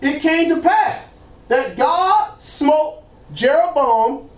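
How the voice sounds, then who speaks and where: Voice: high voice, expressive, drawn-out words. A preacher giving an emphatic sermon that leads the congregation in call-and-response. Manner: emphatic, repeats phrases, frequent "praise God".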